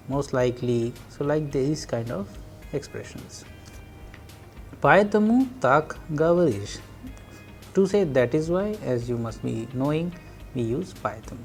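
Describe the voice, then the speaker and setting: A man teaching Russian in a recorded lecture, explaining and translating phrases one by one in a slow, hesitant way. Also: medium pitch, dark tone.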